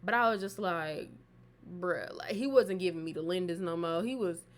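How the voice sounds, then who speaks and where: Speaking at a normal speed in a lowish voice, a woman recounts a personal story for her vlog. The storytime is casual and full of swearing and filler words.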